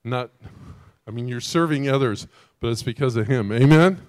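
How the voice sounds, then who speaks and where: A man preaching a sermon as a pastor, animated and emphatic, often putting rhetorical questions to his listeners. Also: mid-range voice, normal speed, no echo, studio quality.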